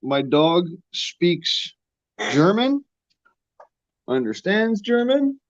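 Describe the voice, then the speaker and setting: A man hosting a livestream chat, talking in a slow, laid-back way. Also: high voice, big pitch swings. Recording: dull, dry online audio.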